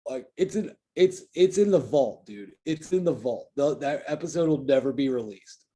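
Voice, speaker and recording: A man's voice: medium pitch, lively intonation, moderate pace, mellow. A man guesting on a podcast in casual chat, frank and swearing a lot as he rants.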